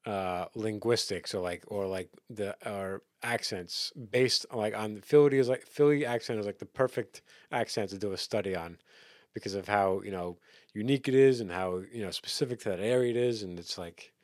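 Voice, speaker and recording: A man co-hosting a casual music chat, talking in rambling, halting runs with many fillers and restarts. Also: lowish voice, dry recording, studio quality. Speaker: podcast co-host.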